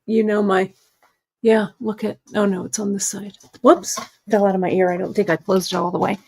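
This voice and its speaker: A woman's voice: mid-range voice, flat delivery, moderate pace, gravelly, darkish tone, slightly rough. A woman hosting a live jewelry-making demonstration, chatting encouragingly and thinking aloud as she works.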